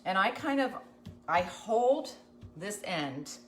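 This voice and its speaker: Slow-talking folksy woman. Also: mid-range voice, big pitch swings, faint music behind. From USA. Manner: chatty, folksy, talks to viewers while working. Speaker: craft tutorial host. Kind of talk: live craft demonstration chat.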